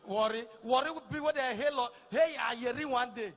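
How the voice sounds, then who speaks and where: A middle-aged Nigerian man with a Nigerian Pidgin accent, doing a teasing stand-up routine that repeats lines and shouts punchlines. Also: extremely high pitch, brisk, few pauses. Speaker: stand-up comedian. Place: live comedy stage.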